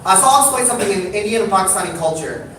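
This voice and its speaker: A man from the United States telling stories to a live audience, animated and quick to put on voices and ask the crowd questions. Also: high-pitched. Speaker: storyteller. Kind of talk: live storytelling talk to an audience. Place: large hall with audience. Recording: echoey hall from far off, background noise.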